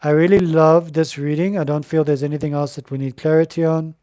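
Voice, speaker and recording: A man hosting a live-stream tarot reading, talking in a gentle, encouraging, spiritual way with many fillers and restarts. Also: a little high, steady tone, a little fast, no echo, clean studio sound.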